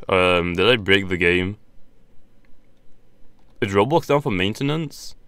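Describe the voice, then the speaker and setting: A young man talks through a game with a slightly hoarse, low voice, rambling and restarting his sentences as he goes. The recording is dry and close, with no room sound around him. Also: a bit bright, no room sound. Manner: rambling, hesitant, frequent restarts and laughs. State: losing his voice. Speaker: gaming YouTuber. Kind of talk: casual gameplay commentary.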